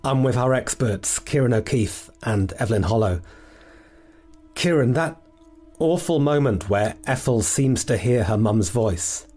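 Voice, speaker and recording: A man narrates an investigative documentary podcast and interviews his guests in a reflective, earnest tone. His voice sits at an average pitch, with faint music underneath. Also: expressive, a little slow, warm tone, breathy edge.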